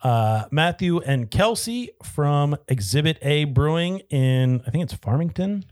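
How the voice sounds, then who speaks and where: A man co-hosting a casual beer podcast, relaxed and joking, with lots of ums and uhs. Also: on the high side, a little slow. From southeastern Pennsylvania. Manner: joking, laid-back, lots of fillers. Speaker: podcast co-host. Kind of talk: casual chat.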